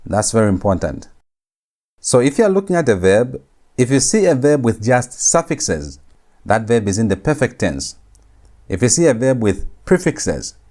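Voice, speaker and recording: Low-voiced man drilling grammar forms. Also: a little mellow. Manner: repeats key points and drills each form twice. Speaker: Hebrew teacher. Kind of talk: recorded grammar lecture.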